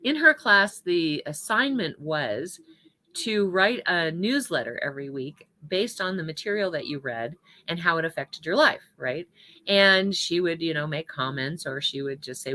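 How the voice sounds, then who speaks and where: Woman minister, lower-pitched but bright tone, chatty and personal delivery. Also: lively intonation, moderate pace. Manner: conversational, personal, with laughs. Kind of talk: spiritual talk with personal story.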